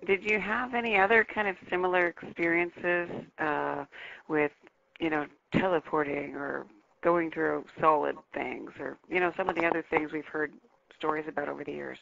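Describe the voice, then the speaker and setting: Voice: mid-range voice, steady tone, moderate pace, gravelly, bright, forceful tone, no room sound. An interviewer asking hesitant, filler-laden questions. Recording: dull lo-fi audio.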